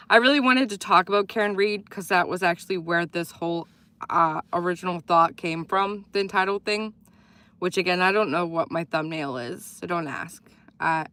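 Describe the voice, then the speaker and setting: A woman's voice: fairly low pitch, pushed and bright. A woman hosting a casual livestream, chatting in a rambling way and laughing often as she reads viewer comments. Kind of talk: casual live chat.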